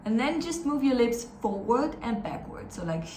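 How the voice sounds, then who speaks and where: Sing-song and a little mellow, this woman's fairly high voice carries an upbeat, encouraging pronunciation lesson, taken step by step with sounds shown slowly. The echoey room, slightly distant mic, faint ambience and a little hiss or hum all come through.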